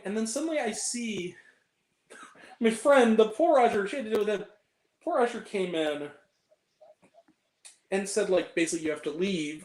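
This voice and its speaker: A woman co-hosting a casual chat, telling a story animatedly and laughing often. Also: medium pitch. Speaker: podcast co-host. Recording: roomy echo.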